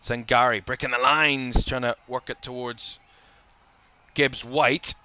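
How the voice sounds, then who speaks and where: A man calls a football match live for a watchalong stream. He rattles off player names in clipped bursts and lifts his voice as attacks build. His tone is bright and his voice crisp and clean, a little tired. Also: medium pitch, little pitch movement, slow, no echo. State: tired, yawning. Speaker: football commentator.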